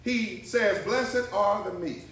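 A man preaching a sermon as pastor, with rhythmic call-and-response phrasing that rises to shouts, in a church sanctuary. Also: high voice, slow pace. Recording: echoey church hall, mic at a distance. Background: congregation responding.

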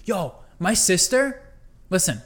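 A young woman with a notably low voice co-hosts a casual podcast chat. She is blunt and jokey, swearing freely as she riffs. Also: sing-song, slow pace. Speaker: podcast co-host.

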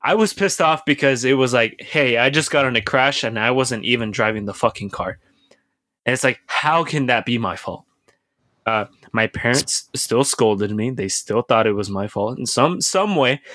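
A man's voice: medium pitch, expressive, normal speed, pushed and bright, no room sound, studio quality. A young man casually telling a rambling, profane story on a podcast, full of restarts and filler words.

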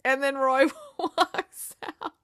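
Animated woman recapping a show, dry close sound. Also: high-pitched, no room sound. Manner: animated retelling with quick quoted dialogue and laughs. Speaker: podcast host recapping a TV episode. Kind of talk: casual episode recap.

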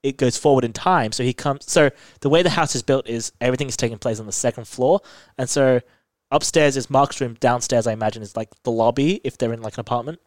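A man talks through a TV episode, lively and detailed. His voice sits at a medium pitch. The sound is dry and close to the mic. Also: quick pace, no room sound. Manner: animated, detailed retelling. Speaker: podcast co-host. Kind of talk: casual chat recapping a TV episode.

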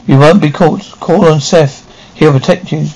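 Dude voicing an old snake god, bossy and coaxing, gravelly. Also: male voice, on the high side, fairly even intonation, normal speed, a little mellow, rough recording. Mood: commanding. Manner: commanding, coaxing. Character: ancient male snake god of the dead.

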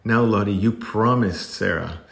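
A man doing a steady-voiced kind young girl. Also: lowish voice, measured pace, gravelly, reverberant. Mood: soothing. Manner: steady, gentle and firm.

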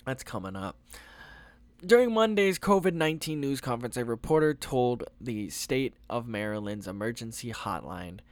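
A young man rants over news items, swearing freely and sounding exasperated. His pitch swings widely as he reacts, and he breaks into laughter often. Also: expressive, normal speed. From United States. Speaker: vlogger. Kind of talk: ranting news commentary.

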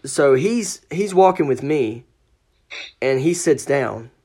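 A man's voice: fairly high pitch, animated, takes it slowly, dark tone, slightly rough. A man telling a ghost story as a podcast guest, casual and profane, acting out the quoted lines.

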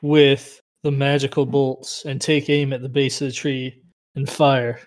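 A man's voice: mid-range voice, little pitch movement, unhurried. A man playing a tabletop game over an online voice call, casual and thinking aloud. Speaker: player.

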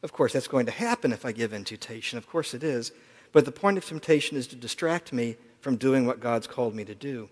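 A man preaching a sermon in a reflective, earnest way, dropping to quiet asides at times. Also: medium pitch, expressive, brisk. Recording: long hall reverb.

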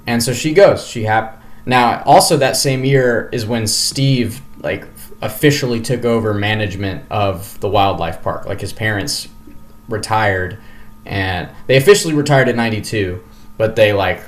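A man's voice: lowish voice, moderate pace. A man co-hosting a podcast, telling a story in casual chat and rambling through many fillers and restarts. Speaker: podcast co-host.

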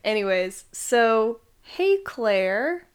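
A woman's voice: a little high, very animated, drawn-out words, smooth. A young woman hosting a podcast, telling a story casually, giggling and stumbling over names. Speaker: podcast host.

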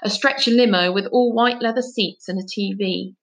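A woman's voice: medium pitch, normal speed, natural voice. A woman voicing a football-loving boy in a storybook reading, blustering and defensive. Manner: blustering, raised voice.

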